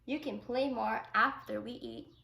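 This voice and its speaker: A woman reading the part of a gentle, patient elderly grandfather in a calm, coaxing way. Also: fairly high pitch, unhurried, creaky, heavily acted. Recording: echoey room.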